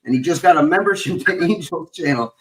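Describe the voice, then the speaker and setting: A man's voice: on the high side, lively intonation, a little fast. A man hosting a casual chat stream, rambling and profane with lots of fillers.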